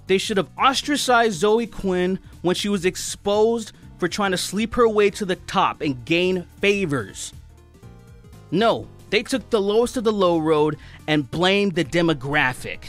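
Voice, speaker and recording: A man's voice: high-pitched, expressive, unhurried, fairly bright tone, soft background music. A man giving heated, sarcastic, profane commentary on online culture as a channel host. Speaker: commentary YouTuber. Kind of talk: ranting commentary.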